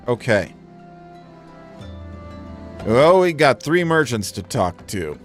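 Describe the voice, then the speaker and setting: A man hosts a gaming channel, chatting casually over his playthrough with wry jokes. His mid-pitched voice moves a lot, with faint game music underneath. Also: sing-song, takes it slowly. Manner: wry, joking asides. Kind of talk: casual let's play commentary.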